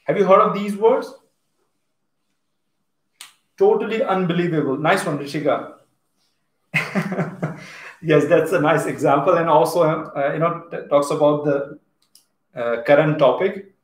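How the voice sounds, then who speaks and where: Indian English teacher, male, a bit high-pitched, chatty, reads out viewer comments, echoey room. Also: moderate pace, pauses often. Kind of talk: live online class.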